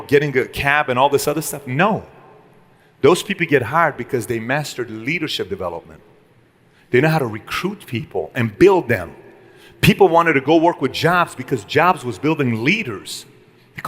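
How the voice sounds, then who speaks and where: A man's voice: fairly high pitch, a bit bright, long reverb tail. A man giving a live motivational speech to a room, punchy and full of rhetorical questions. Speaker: motivational speaker.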